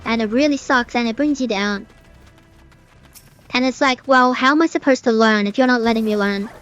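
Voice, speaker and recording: A young woman streamer gives loose, rambling gameplay commentary, filling her sentences with fillers as she vents. Her voice sits a little high for a woman, and faint game music plays under her talk. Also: normal speed, a bit bright, highs cut off. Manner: chatty, ranting, many "like" fillers. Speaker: gaming streamer.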